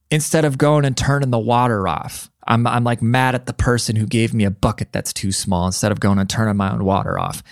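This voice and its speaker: A man's voice: mid-range voice, a little fast, dry recording, studio quality. A man hosting his own podcast, ranting bluntly and profanely in casual commentary. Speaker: podcast host.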